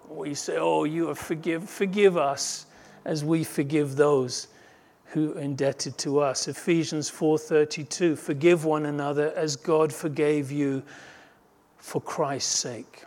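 Earnest preaching man, slightly high voice. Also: fairly even intonation, unhurried, a little mellow. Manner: earnest expository preaching, rises in pitch when retelling parables. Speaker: pastor. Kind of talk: sermon.

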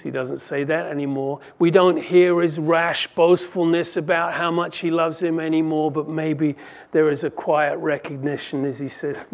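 Impassioned male preacher, fairly high voice. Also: level tone, moderate pace, creaky. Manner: impassioned, rising and falling in volume for emphasis. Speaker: pastor. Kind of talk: sermon.

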